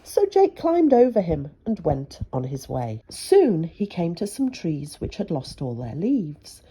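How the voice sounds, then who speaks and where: Low-voiced, husky woman storyteller. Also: a little slow. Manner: expressive, with chatty asides. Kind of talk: reading a children's picture book aloud.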